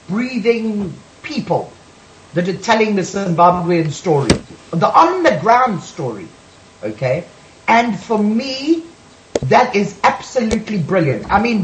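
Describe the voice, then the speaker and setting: A woman's voice: mid-range voice, sing-song, takes it slowly, reverberant, background noise. A woman on a radio panel, talking emphatically and sassily, calling people sweetheart and darling. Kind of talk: heated radio panel talk.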